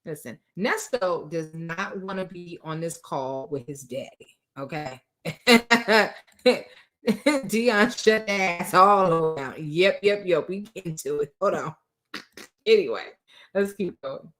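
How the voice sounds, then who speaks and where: A woman's voice: lowish voice, expressive, unhurried, fairly bright tone. Laughing, mocking woman commentator. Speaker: commentary host. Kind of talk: reacting to played call clips.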